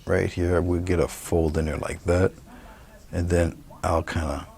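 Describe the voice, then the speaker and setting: Low, slow gravelly man teaching painting. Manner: relaxed, murmured step-by-step commentary while painting. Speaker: painting instructor. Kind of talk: painting demonstration.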